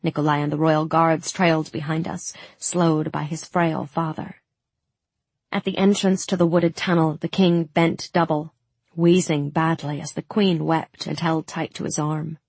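Low, husky woman narrating an audiobook. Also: measured pace, no echo. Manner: steady, dramatic storytelling. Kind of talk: first-person audiobook narration.

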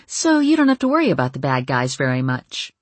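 A woman reading an audiobook, voicing a calm male werewolf leader who speaks quietly and in a measured way. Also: no room sound, full character voice. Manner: quiet, measured, low-key.

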